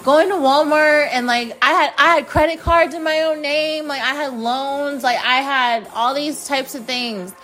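Faint music plays behind a high-pitched, slightly bright woman's voice that moves at a measured pace with few pauses. She's an American podcast host in her late twenties, casually telling frank stories from her freshman year on her own and swearing freely.

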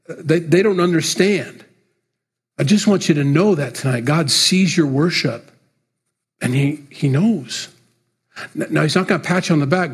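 Guy preaching a sermon, kinda husky voice, earnest and conversational. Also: fairly high pitch, normal speed. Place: church.

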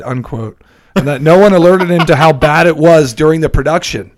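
A man's voice: on the high side, moderate pace. Chatty man sharing film trivia. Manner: chatty storyteller, many fillers and laughs. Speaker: podcast co-host. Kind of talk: casual chat telling film trivia.

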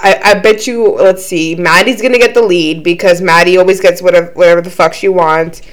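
Speaking a little fast in a fairly low, steady voice, a young female podcast co-host chats casually. She curses plenty and laughs often.

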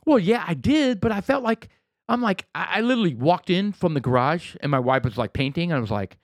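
Animated rambling man on a dry mic. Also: sits high, brisk, dry recording. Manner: animated, rambling, self-mocking. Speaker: podcast co-host. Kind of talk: casual banter.

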